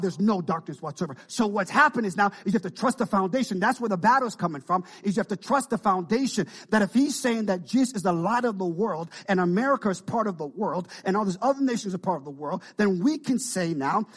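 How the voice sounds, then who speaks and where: A man preaches a sermon as pastor, animated and frequently breaking into call-and-response asides with his congregation. His voice sits high and sounds slightly rough.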